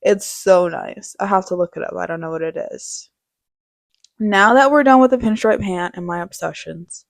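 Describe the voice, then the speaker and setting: Slow-talking gushing young woman vlogger. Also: medium pitch, no echo, clean studio sound. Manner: gushing, dramatic, slangy. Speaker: fashion vlogger. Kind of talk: casual product showcase.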